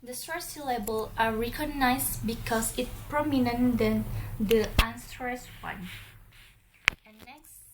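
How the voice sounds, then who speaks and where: A young woman with an Indonesian accent reads her class presentation at a slow, deliberate pace. Her voice sits a little high, and each example comes out one at a time. A faint hiss of room noise sits behind her. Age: young adult. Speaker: student presenter. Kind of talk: read-aloud class presentation.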